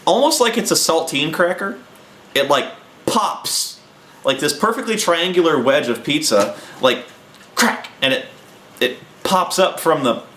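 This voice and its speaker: A man's voice: on the high side, echoey room. A man casually telling a long, rambling anecdote and acting out the people in it. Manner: rambling, animated, acting out quotes. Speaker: host.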